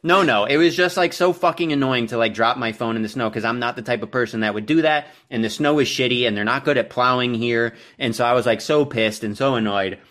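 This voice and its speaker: A young man telling a long story on a casual podcast, easygoing and unpolished. He swears freely and sounds exasperated with himself. His pitch sits right in the middle for a man. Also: brisk, hardly any pauses, a bit bright. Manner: profane, self-deprecating, exasperated. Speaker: podcast co-host.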